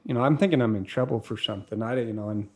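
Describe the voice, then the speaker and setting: Talking rapid-fire at a medium pitch, a fifty-something surfer and filmmaker from California recounts stories in a casual way. He acts out dialogue animatedly and keeps restarting.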